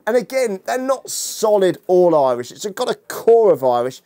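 A man's voice: high-pitched, big pitch swings, moderate pace, mellow. A man lecturing as a historian to an audience, humorous and chatty, bantering with the room. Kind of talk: lecture with jokey asides.

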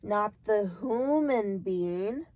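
A woman voicing a big, muddled but kindly male giant who mangles his grammar, reading slowly in a dry, close recording. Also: expressive, a little mellow, no echo. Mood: explaining. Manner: jumbled grammar, booming and emphatic.

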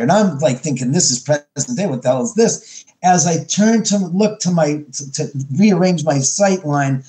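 Man, middle-aged, podcast guest, lively storyteller, fairly high voice, warm mellow tone. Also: normal speed. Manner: animated, acts out his own quotes with many restarts. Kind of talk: storytelling interview.

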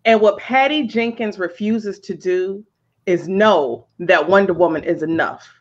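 A woman chatting casually in a movie review, animated, emphatic and profane. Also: mid-range voice, unhurried. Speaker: podcast co-host. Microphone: video call. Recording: slightly dull lo-fi audio.

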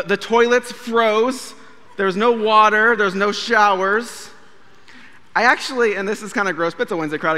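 A man in his thirties, a pastor, preaching a sermon and telling a story, acting out quoted dialogue with animated delivery. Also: sits high, in a large hall. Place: church sanctuary.

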